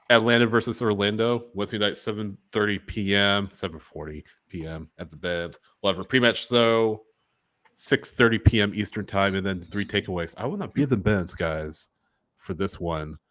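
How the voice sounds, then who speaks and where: A man's voice: fairly low pitch, normal speed, a bit bright, no echo. A man hosting a casual sports podcast, wrapping up with schedule details and plugs for the show. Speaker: podcast host.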